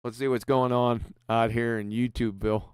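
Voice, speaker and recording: A man's voice: mid-range voice, little pitch movement, fairly quick, clear, resonant tone, no echo, studio quality. A man hosting a livestream, mocking his opponent with profanity and reading super chats aloud with frequent laughs. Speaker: livestream host.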